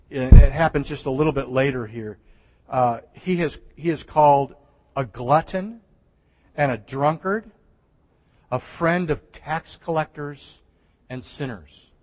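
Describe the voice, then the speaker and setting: Man preaching in a reverberant church. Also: fairly high pitch. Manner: conversational preaching with restarts and soft laughs. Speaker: pastor. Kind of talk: sermon. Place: church sanctuary.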